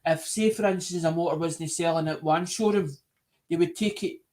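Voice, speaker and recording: A man's voice: on the high side, moderate pace, a little mellow. A Scottish man hosting a live stream, chatting casually in an earnest, rambling way and often repeating himself.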